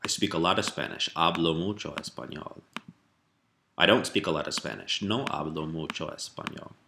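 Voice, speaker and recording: A man giving a relaxed spoken language lesson, explaining step by step with fillers and rephrasing. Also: a bass voice, moderate pace, gravelly, noisy background. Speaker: language teacher.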